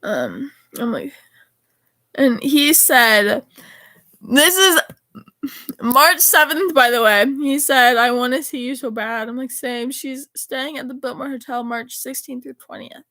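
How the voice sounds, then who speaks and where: Teenage girl, high-pitched, casual rambling chat, self-correcting, dry recording. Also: lively intonation, slow pace, sharp tone, no echo. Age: teens. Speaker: vlogger. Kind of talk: casual chat reading texts aloud.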